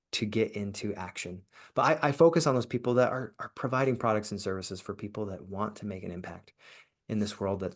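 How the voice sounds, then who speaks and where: A man guesting on a podcast, talking earnestly about kindness and business, often restarting and repeating words. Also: fairly low pitch. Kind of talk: motivational interview talk.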